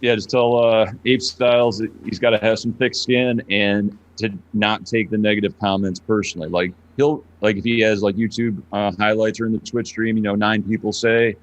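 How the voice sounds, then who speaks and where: A man's voice: fairly low pitch, moderate pace, few pauses, dull audio. Easygoing male poker streamer guest. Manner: relaxed, easygoing, frequent "you know". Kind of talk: casual interview chat.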